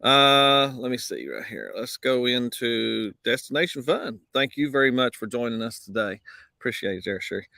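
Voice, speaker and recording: Man, live-show host, easygoing drawl, basic mic outdoors, mid pitch. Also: sing-song, normal speed, gravelly, sharp tone, no room sound, studio quality. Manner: easygoing, drawls greetings to viewers. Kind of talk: casual live-stream chat. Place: outdoors on a windy day. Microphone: basic mic, no wind cancelling.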